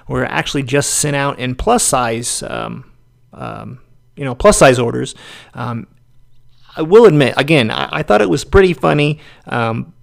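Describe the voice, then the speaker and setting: A man's voice: a little high, gravelly. A man co-hosting a political podcast, giving casual opinionated commentary with many ums and restarts. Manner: opinionated, dismissive. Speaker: podcast co-host.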